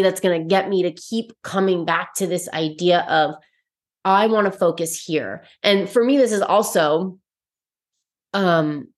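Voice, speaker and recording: Woman, young adult, slightly low voice, earnest reflective solo podcast talk. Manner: earnest, reflective, with frequent fillers and restarts. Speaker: host.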